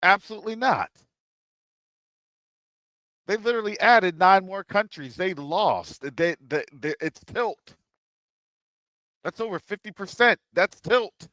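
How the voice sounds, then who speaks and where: A man's voice: sits high, lively intonation, measured pace, pauses often, sharp tone, no room sound. A man hosting a discussion show, giving political commentary with a run of rhetorical questions. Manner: rhetorical, repeats questions, drops into asides. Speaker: show host.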